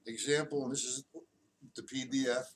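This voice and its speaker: A man teaching a casual drum lesson. He explains stick patterns, counts the beats out loud, and keeps correcting himself. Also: medium pitch, steady tone, moderate pace. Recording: distant mic with loud drum noise.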